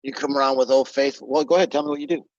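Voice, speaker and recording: A man's voice: medium pitch, steady tone, very fast, no echo, dull audio. A man narrating a tabletop game as game master, casual and profane.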